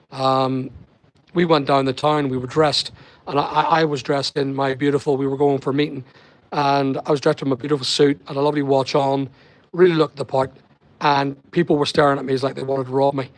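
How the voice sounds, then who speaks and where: This Northern Irish livestream host chats loosely with his audience, calling out viewers by name and reading their comments in a rambling way. He speaks fairly quickly in a level, mid-range male voice.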